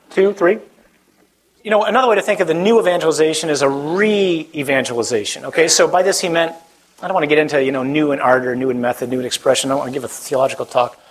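A man delivers a sermon in a chatty, self-deprecating way, a priest talking straight to his listeners. His voice sits a little high and has a husky edge. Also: poor audio. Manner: conversational, self-deprecating humor. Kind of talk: sermon to a young adult group.

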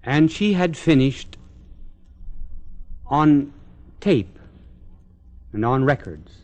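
Animated male religious instructor. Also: a little high. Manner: dramatic, declamatory, with long pauses.

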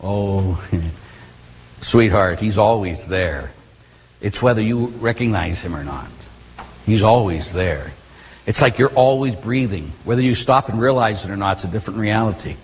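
A middle-aged man, a Catholic priest, preaching a sermon with animated storytelling and casual asides. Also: lowish voice, a little slow, slight background noise. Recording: long hall reverb.

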